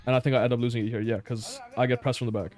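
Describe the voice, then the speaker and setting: Male player doing a blunt, frustrated review of his own match, mid-pitched voice with soft music underneath. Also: little pitch movement, rapid-fire. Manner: blunt, exasperated, swears and laughs in disbelief. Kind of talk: casual gameplay review commentary.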